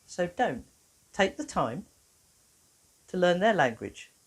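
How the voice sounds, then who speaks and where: A woman with a lively storytelling manner, a therapist giving a workshop talk who acts out the people in her stories. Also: lowish voice, slow, slightly rough. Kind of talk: animated talk to an audience.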